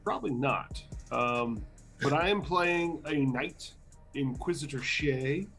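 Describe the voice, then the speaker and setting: A man playing a tabletop role-playing game, describing his character in a relaxed, rambling way over a voice call. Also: mid-range voice, takes it slowly, soft background music. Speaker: player. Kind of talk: casual tabletop chat.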